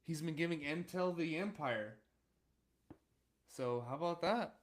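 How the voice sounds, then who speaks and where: A young man co-hosting a podcast, recapping episode plots in a relaxed, casual way with frequent fillers. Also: on the high side, a little slow. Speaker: podcast co-host. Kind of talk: casual chat.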